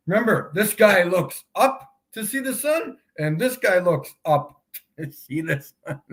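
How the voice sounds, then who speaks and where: A man's voice: high-pitched, lively intonation. A man hosting a live stream, taunting his chat in a mocking tone and laughing often. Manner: slow, drawn-out delivery with big swings in loudness. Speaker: livestream host.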